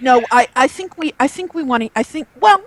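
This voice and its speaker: A woman's voice: high-pitched, animated, fairly quick, no echo, poor audio. A woman hosting a live video chat, talking with many hesitations and fillers. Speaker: host. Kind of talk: casual chat. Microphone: video call.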